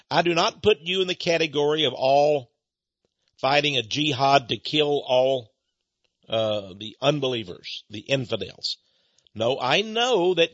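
A slightly high-pitched man with a husky edge preaches to his audience in an earnest, meandering way, stumbling over repeated words. The dry, close sound comes through a dull, lo-fi recording. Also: pushed and bright, no room sound. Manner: earnest, rambling, with frequent word repeats and restarts. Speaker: evangelist minister and author. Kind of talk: preaching monologue to viewers.

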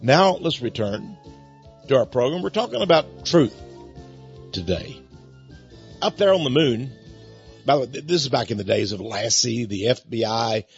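A man's voice: mid-range voice, expressive, normal speed, pauses often, muffled recording, faint music behind. An older man hosting a talk radio show, rambling in a folksy way with chuckling asides. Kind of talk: talk radio monologue with book pitch.

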